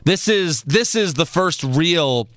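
A man's voice: fairly high pitch, lively intonation, slow pace, fairly bright tone, no room sound, studio quality. Sarcastic male podcast co-host. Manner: laughs often, sarcastic asides. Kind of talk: casual wrestling recap chat.

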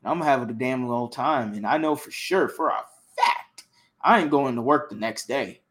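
A young man from Houston co-hosting a casual sports chat, passionate and excitable, often repeating himself. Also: mid-range voice, normal speed. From Houston, Texas. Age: young adult. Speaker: sports podcast co-host.

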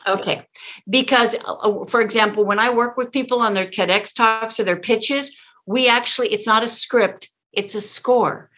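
A woman's voice: on the high side, normal speed, a bit bright. A woman speaking coach talking in a conversation, emphatic and demonstrative, acting out how lines should be delivered.

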